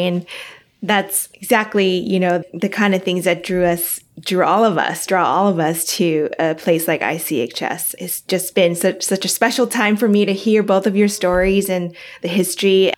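A woman hosting a podcast, thanking her guests and closing the episode. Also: on the low side. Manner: grateful, wrapping up. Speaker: podcast host.

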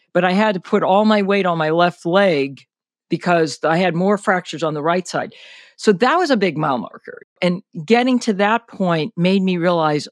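A man's voice: high-pitched, no room sound, studio quality. An older man, a senior athlete, telling his story in an interview in a candid, detailed way, with plenty of "you know" and "like". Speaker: guest, senior athlete recounting an injury. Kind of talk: conversational interview.

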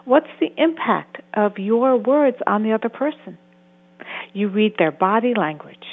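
A woman's voice: medium pitch, expressive, unhurried. A woman therapist and author giving earnest interview answers, sometimes acting out the voices she quotes. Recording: tinny phone-like sound.

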